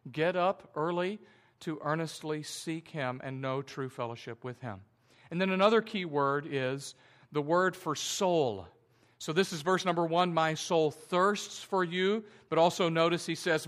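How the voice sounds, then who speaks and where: Male pastor, slightly high voice, slow earnest sermon reading. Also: a bit bright. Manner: slow, deliberate reading that stretches key words; earnest, explanatory preaching.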